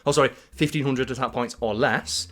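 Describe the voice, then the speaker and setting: Animated man chatting. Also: mid-range voice, a little fast. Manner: animated, laughing, acts out quotes. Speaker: podcast co-host. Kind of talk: casual chat.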